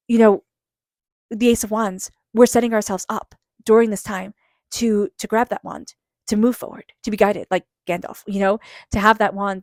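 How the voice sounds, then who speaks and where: A woman giving a casual tarot reading, chatty and expressive, acting out little reactions in between. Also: mid-range voice, no echo, clean studio sound. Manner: soft repeated chanting invocation. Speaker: tarot reader.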